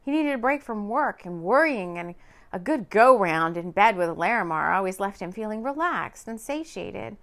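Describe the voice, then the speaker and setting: A woman narrating a romance audiobook in an expressive, lively reading. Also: mid-range voice, moderate pace.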